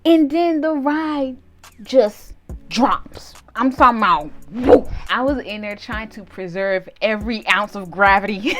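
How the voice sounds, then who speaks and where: A young woman vlogger telling a storytime tale in casual slang, animated and laughing, breaking into loud shouted reenactments. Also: fairly high pitch, normal speed, faint music behind. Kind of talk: storytime vlog.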